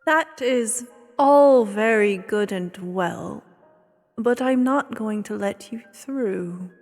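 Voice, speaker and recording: A woman voicing a stubborn guardian spirit that guards a mirror gate and refuses to let anyone through, speaking with firm, measured words. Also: mid-range voice, a little mellow, big-room sound, soft background music.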